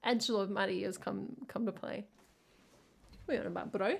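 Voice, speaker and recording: A woman's voice: mid-range voice, steady tone, a little fast, gravelly. Woman chatting loosely between songs. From England. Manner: rambling, loose, full of "like" and "I don't know"; teasing viewers in the chat. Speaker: singer-songwriter streamer. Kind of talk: casual chat to viewers between songs on a music livestream.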